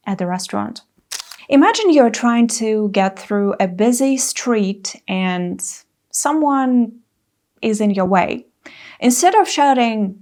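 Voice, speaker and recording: Slow-speaking female English teacher. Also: fairly high pitch, expressive, a little mellow. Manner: clear, careful teaching delivery with acted example phrases. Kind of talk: English lesson to camera.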